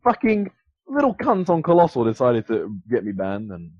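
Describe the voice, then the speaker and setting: A man's voice: mid-range voice, huge pitch swings, moderate pace, a little mellow. A young man hosting a podcast, telling a rambling, profane story with many fillers and restarts. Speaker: podcast host. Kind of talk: casual storytelling chat. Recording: dull lo-fi sound.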